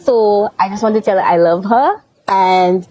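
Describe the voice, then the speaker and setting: A woman guest on a talk show, giggly and casual, listing her services with many pauses and ums. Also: mid-range voice, dark tone, no room sound, low-quality recording. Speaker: guest, marketing business owner. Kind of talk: casual interview chat.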